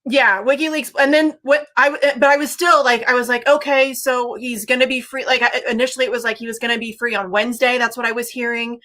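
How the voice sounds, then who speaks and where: A woman's voice: a little high, steady tone, fairly quick, hardly any pauses, bright, forceful tone. A woman hosting a casual livestream, sick and close to tears, talking emotionally with lots of swearing and fillers. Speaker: livestream host.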